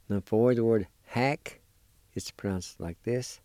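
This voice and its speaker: A man's voice: on the low side, slow, dark tone, dry recording. A man hosting a radio language lesson, carefully spelling and pronouncing words for his listeners and encouraging them. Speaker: language teacher and show host.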